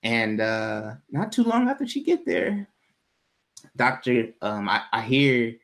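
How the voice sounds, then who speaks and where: Man, podcast co-host, casual storyteller, lively delivery, quotes himself in a high voice. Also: slow pace, creaky. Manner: animated, jumps to high pitch when quoting himself, laughs often.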